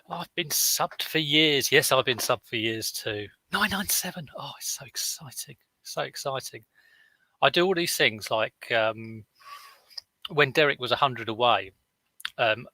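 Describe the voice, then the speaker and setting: A man's voice: medium pitch, creaky, pushed and bright, dry recording, low-quality recording. A middle-aged man, rambling through anecdotes in a casual vlog chat with viewers. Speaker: online reseller vlogger.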